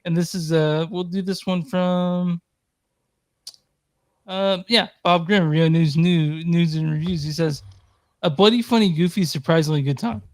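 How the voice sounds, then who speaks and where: A man's voice: on the high side, a little slow, no echo. A man co-hosting a movie podcast, talking in an easygoing, hesitant way. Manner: easygoing, hesitant, lots of fillers. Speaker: podcast co-host. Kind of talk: casual chat.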